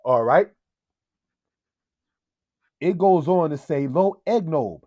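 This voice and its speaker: A man teaching Hebrew in a slow, deliberate lesson style, often checking in with "all right?" and calling his viewers family. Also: fairly high pitch, expressive, a little mellow, no echo, clean studio sound. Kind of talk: slow screen-share language lesson.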